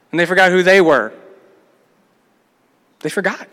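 A pastor preaches a sermon in a high-pitched, slightly bright voice, moving at a measured pace with long pauses. Between readings of scripture he acts out the people's complaints. The recording carries a long hall reverb.

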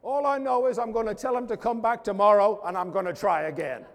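In a church, a male pastor preaches fervently, calling out to the congregation and swinging between loud declarations and hushed asides. His voice is high and brisk, with a big-room sound.

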